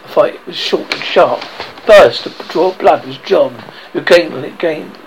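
A man's voice: fairly high pitch, measured pace, a crowd in the background, rough recording. A man reading a children's novel aloud, often tripping over words and correcting himself. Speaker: reader.

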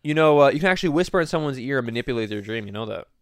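A man's voice: mid-range voice, animated, very fast, smooth, no room sound. A young man teasing his grandmother in casual chat, exasperated and swearing freely.

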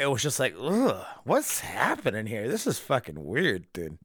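A man's voice: mid-range voice, a bit bright, clean tone, dry recording, clean studio sound. A drunk man ranting alone about an episode he disliked, angry and full of swearing. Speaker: anime reviewer. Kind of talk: solo episode review rant.

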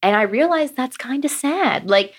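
A woman's voice: sits high, lively intonation, normal speed. A woman co-hosting a podcast in casual conversation, speaking candidly and reflectively with frequent "like" fillers. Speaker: podcast co-host.

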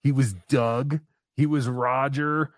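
A man's voice: steady tone, slow, no echo, studio quality. A man hosting a casual podcast chat, joking around and breaking into silly impression voices. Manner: jokey, swings into high silly impression voices. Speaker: podcast host.

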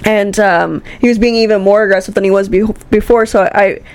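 A young woman co-hosting a casual podcast, telling stories in a lively way and acting out the people in them. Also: mid-range voice, brisk, clear, resonant tone. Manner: animated storyteller, acts out voices in her anecdotes. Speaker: podcast co-host. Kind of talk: casual chat.

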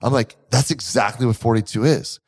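With a brisk, creaky, medium-pitched voice, this fitness coach and gym owner shares stories as a casual podcast co-host. His storytelling is energetic and lively, full of acted-out quotes.

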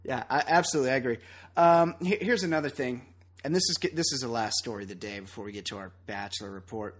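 A man co-hosting a podcast in casual banter, loud, opinionated and profane, often laughing. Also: mid-range voice, quick pace. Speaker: podcast co-host.

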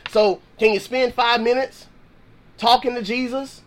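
A man's voice: very high voice, fairly even intonation, a little slow, a bit bright, slight background noise. A man hosting a Christian podcast, teaching in a slangy, conversational way and acting out sample prayers. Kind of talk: casual Bible teaching.

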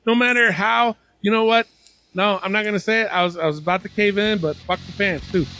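Lively, gravelly male podcast host. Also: high voice, brisk, slight background noise. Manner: profane, laughing, loose banter. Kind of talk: casual chat.

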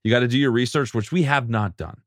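A man's voice: mid-range voice, fast, no echo, clean studio sound. A man co-hosting a sports podcast in frank, casual chat, swearing freely. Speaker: podcast co-host.

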